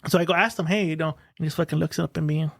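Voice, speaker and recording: A man telling stories in casual podcast chat, animated and profane. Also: on the high side, racing, vocal fry, no room sound, clean studio sound. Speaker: podcast guest, show host.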